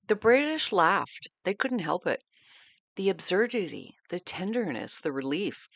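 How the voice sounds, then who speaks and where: A woman narrating a history podcast in a measured, reflective storytelling manner. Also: deep voice, fairly bright tone, no room sound.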